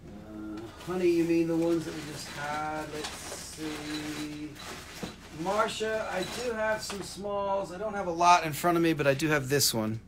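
A man's voice: fairly high pitch, unhurried, noisy background. A man hosting a live rock-selling stream, rambling casually, swearing freely and calling out prices to viewers.

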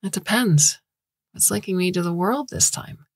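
A woman voicing a calm, wry woman scientist explaining her ideas. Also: fairly low pitch, moderate pace, husky, no room sound, clean studio sound, voice pushed up. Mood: earnest.

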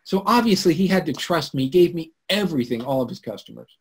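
Husky man hosting a live webinar. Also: on the high side, a little fast. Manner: animated storytelling, swinging from loud to hushed. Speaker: webinar host. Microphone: computer mic on a video call.

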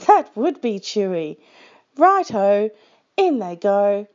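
A woman voicing a sly, greedy male dingo cook who chants slowly in a sing-song way, on a dull lo-fi recording. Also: medium pitch, big pitch swings, darkish tone. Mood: gleeful.

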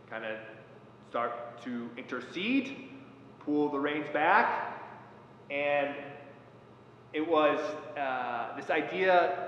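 A former Marine officer speaks in a measured, reflective way, pausing often and filling gaps with "uh" and "um." His voice is bright and carries in a long-echoing hall. The recording is dull and lo-fi. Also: mid-range voice, a little hiss or hum. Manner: measured, pausing with many fillers. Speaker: former Marine platoon commander. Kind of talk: reflective talk. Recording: echoey hall, dull lo-fi sound.

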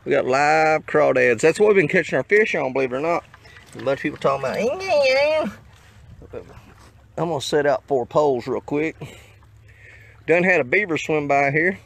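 High-voiced man fishing a riverbank. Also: brisk, vocal fry. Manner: folksy, excitable, swears mildly at fish. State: hot and out of breath. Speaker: fishing vlogger. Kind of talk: casual outdoor vlog. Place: outdoors on a riverbank. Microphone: handheld camera mic.

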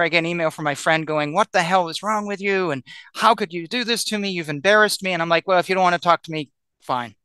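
Guy telling a personal story on a podcast panel, really bright clear voice, dry sound, lots of "like". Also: fairly high pitch, no echo. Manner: animated, acts out quoted voices, lots of "like". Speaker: roundtable guest.

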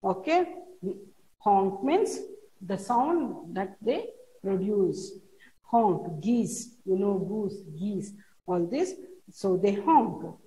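A woman teaching a classroom lesson, reading a poem aloud and explaining each word slowly and repetitively to children. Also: medium pitch, expressive, mellow. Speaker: schoolteacher. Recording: roomy echo.

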